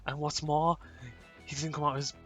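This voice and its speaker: A man's voice: on the high side, little pitch movement, a little fast, fairly bright tone, faint music behind. A man reading a text game aloud in a playful, casual way, often laughing and tripping over words.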